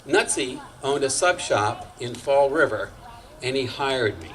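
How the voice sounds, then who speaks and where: A man in his sixties from Massachusetts, telling a personal story on stage at a community storytelling night in a lively, wry manner. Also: mid-range voice, measured pace, rough recording. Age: 60s.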